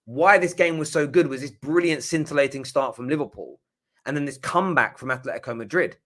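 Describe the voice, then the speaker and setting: A man's voice: on the high side, a little fast, fairly bright tone. A man hosting a live football reaction stream, talking with passion and emphasis, cursing when riled up. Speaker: football fan channel host.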